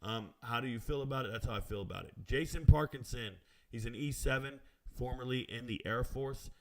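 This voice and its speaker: This man runs a sports betting live stream, answering viewer comments with swagger, casual slang, and plenty of chatty tangents. His voice is medium in pitch and a bit bright, and he speaks briskly.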